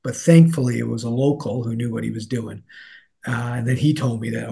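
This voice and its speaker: A man's voice: mid-range voice, fairly even intonation, a little fast, gravelly, mellow, breathy edge. A man in an interview, speaking as a newsletter editor in a rambling way, with many fillers and restarts. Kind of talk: casual interview talk.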